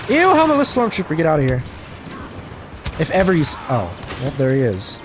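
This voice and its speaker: A young man giving casual, self-mocking commentary over his gameplay, his voice jumping high when things go wrong. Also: wildly swooping pitch, brisk, long pauses. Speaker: gaming channel host. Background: game music and gunfire.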